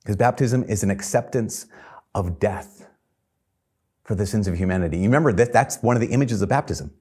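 A man's voice: lowish voice, brisk, a little mellow, breathy edge. A man preaching a sermon in an earnest, conversational way, chuckling now and then.

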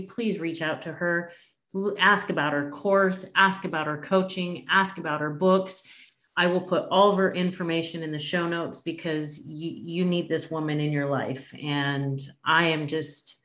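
A woman's voice: lowish voice, fairly bright tone, roomy sound. A woman hosting her podcast, gushing and emotional, with casual swearing in her talk. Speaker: podcast host. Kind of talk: casual interview chat.

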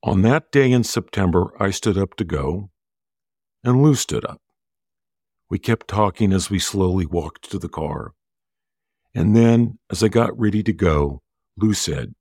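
A middle-aged man telling a personal story in a slow, measured, earnest way. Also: low voice, lively intonation, darkish tone, slightly rough, no echo, clean studio sound. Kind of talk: personal story told to an audience.

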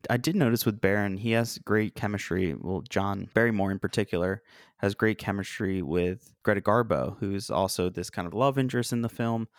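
A man with a low, gravelly voice chats casually about an old film. He is animated and slips into little acted-out quotes. The sound is dry and close. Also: moderate pace, dry recording. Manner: animated, acts out quoted lines. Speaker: film discussion co-host.

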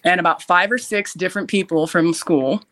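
A young adult woman, a podcast guest, telling a frightening story in a casual, animated way, with frequent "like" fillers and loud shouted quotes. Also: fairly low pitch, moderate pace. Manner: uses many fillers like "like".

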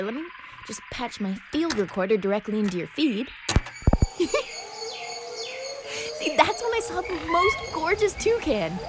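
A woman with a high, lively voice hosts a children's nature show. She reads her script in a bubbly, playful way, and her pitch swings widely from line to line. Clear music plays under her voice. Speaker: show host.

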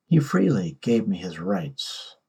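A man voicing a calm, mysterious god in disguise who speaks quietly and without concern. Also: on the low side, slow pace, vocal fry, slightly rough, exaggerated voice.

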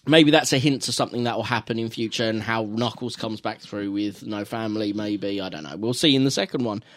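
A man's voice: on the low side, brisk, fairly bright tone. A man from the UK co-hosting a casual film review chat, recapping scenes at length with fillers and restarts. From United Kingdom. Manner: rambling recaps with fillers and self-corrections. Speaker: podcast co-host.

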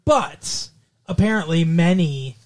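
A man's voice: a little high, expressive, slow. Playful young man co-hosting a chat show. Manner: playful, teasing, goofy. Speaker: co-host. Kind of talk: casual comedic chat show.

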